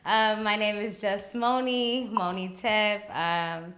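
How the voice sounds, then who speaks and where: A woman's voice: medium pitch, slow pace, a bit bright. A woman from Seattle, a singer and DJ, introducing herself casually in an easygoing way. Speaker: guest, singer and DJ.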